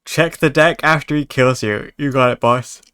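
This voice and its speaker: A man's voice: mid-range voice, moderate pace, a bit bright, clear, resonant tone. A man streaming a card game, chatting casually with his chat and joking in mock anger. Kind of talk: casual gaming commentary.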